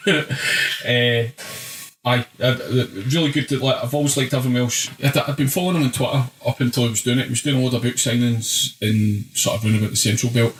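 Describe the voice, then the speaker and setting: A man's voice: medium pitch, a little fast. A man with a Scottish accent co-hosting a podcast, telling stories in a casual, sweary, ranting way. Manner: ranting, animated storytelling. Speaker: podcast co-host. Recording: roomy echo.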